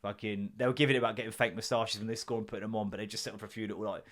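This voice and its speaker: A man's voice: fairly low pitch, level tone, very fast, a bit bright. A man in his thirties hosting a casual solo podcast, telling stories in a sweary, jokey way and slipping into mock voices. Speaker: podcast host.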